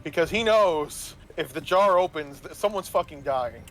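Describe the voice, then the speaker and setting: Guy with a high voice telling a game story, rambly, says right a lot, swears. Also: expressive, moderate pace, fairly bright tone. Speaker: game master. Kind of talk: casual storytelling about a tabletop game.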